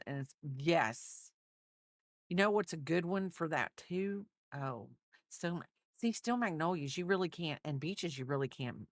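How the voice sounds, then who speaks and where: A woman's voice: deep voice, dry recording, studio quality. A woman crochet streamer in a rambling, chatty livestream, talking to her viewers. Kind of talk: casual livestream chat.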